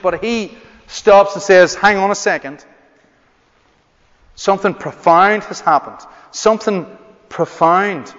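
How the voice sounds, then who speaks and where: A man preaching a sermon in a hall, reading a scripture passage and then explaining it with emphatic, drawn-out stresses. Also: high voice, fairly bright tone. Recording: dull, echoey hall recording.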